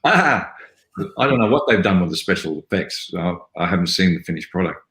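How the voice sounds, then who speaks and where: An older man with an Australian accent, telling rambling, animated stories as an actor guest on a video call. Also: deep voice, fairly quick, reverberant, rough recording. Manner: rambling, animated storytelling with mimicry. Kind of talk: casual interview anecdotes.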